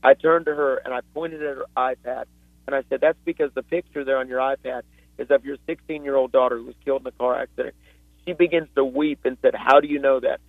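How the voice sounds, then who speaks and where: Male guest preacher, fervent storyteller, average pitch, dry phone-line sound. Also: steady tone, quick pace, gravelly, dry recording. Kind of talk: impassioned preaching on a talk show.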